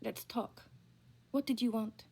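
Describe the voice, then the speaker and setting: Brief: a breathy, guarded policewoman, as a streamer voices her, slow and soft-spoken. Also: a little high, steady tone, full character voice. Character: wary policewoman, reluctant and guarded.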